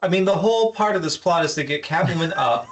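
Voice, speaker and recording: A man's voice: fairly high pitch, animated, fast talker. A man co-hosting a comic book review podcast, questioning the logic of the plot. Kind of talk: casual review chat.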